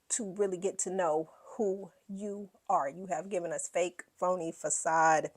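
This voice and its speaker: A woman's voice: lowish voice, a little mellow. A woman hosting a reality TV recap, talking bluntly and with plenty of profanity. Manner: acts out quoted lines in put-on voices. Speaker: podcast host.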